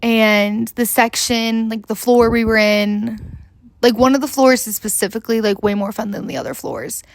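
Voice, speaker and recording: A woman's voice: on the high side, moderate pace, no echo. A young woman vlogger telling a rambling story in casual chat, full of "like" and the odd swear.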